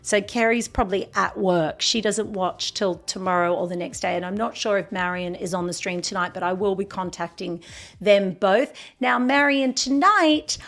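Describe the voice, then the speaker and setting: A woman's voice: mid-range voice, moderate pace, a bit bright. A woman hosting a livestream in casual, rambling chat, full of fillers and restarts. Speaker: livestream host.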